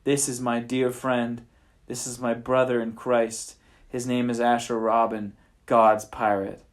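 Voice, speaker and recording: A man voicing an earnest reformed pirate captain in a bedtime story, speaking haltingly and with feeling. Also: mid-range voice, level tone, natural voice.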